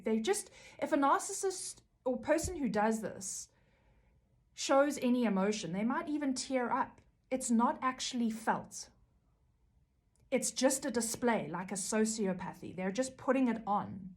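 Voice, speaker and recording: A woman's voice: a little high, expressive, measured pace. A woman talking casually to camera about codependency recovery, earnest and rambling, often checking in with "you know" and "right?". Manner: earnest, rambling, many fillers and "right?" tags.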